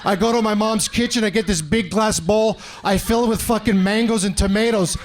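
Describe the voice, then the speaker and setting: A Canadian comedian in his forties speaks a little fast in a high, steady-toned voice over soft background music. On a club stage he animatedly tells stories and acts out other people's voices, and audience laughter can be heard.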